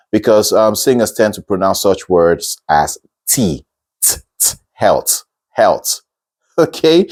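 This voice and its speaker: Lowish-voiced man teaching singing pronunciation. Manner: demonstrates words slowly, checks in with "okay?"; lively, rises high when encouraging viewers. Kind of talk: vocal lesson on pronunciation.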